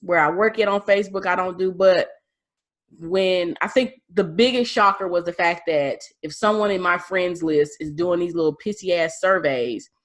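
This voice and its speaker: A woman, co-hosting a podcast in casual chat, blunt and animated, swearing freely. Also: on the low side, moderate pace. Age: late 30s. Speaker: podcast co-host.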